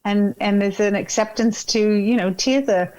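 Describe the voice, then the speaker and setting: A woman with a British accent speaks as a guest in a relaxed interview. She reflects warmly on the host's points and answers with many "yeah"s, at a mid-range pitch. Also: normal speed, low-quality recording. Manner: warm affirming reflections, frequent "yeah". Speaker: guest, yoga teacher and parenting coach. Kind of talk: casual interview chat.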